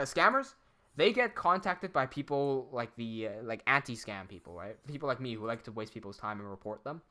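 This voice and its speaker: Young Aussie guy, streamer, casual and sweary, bright tone. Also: mid-range voice. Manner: animated, profane, laughs often. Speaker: live streamer. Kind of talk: casual live-stream chat.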